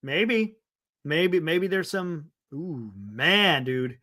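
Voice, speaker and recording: A man's voice: on the high side, big pitch swings, extremely slow, bright, forceful tone. A man hosting a live sports stream, chatting loosely, reading viewer comments and laughing often.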